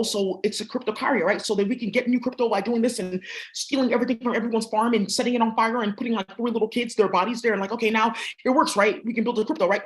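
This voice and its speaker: A woman with a fairly high voice talking casually to her viewers in a loose, rambling way. She exclaims a lot, laughs easily and swears freely, jumping from thought to thought. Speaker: vlogger.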